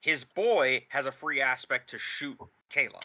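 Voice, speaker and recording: Bright-voiced man running a tabletop game. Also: mid-range voice, measured pace, slight background noise. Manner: thinks aloud, explains rules in detail. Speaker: game master. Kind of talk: narrating and ruling a tabletop game.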